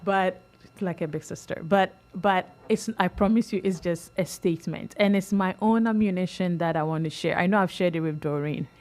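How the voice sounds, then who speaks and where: A middle-aged woman on a school board speaking earnestly at a public meeting, rambling with many restarts and soft laughs. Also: on the low side, normal speed.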